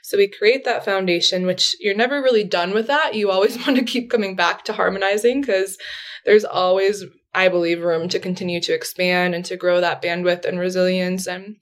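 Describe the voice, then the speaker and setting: Woman therapist guest chatting easy, lots of "like", mid pitch, laughs a bit. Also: fairly even intonation, moderate pace. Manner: chatty, warm explaining with frequent "like" and light laughs. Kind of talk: casual podcast interview.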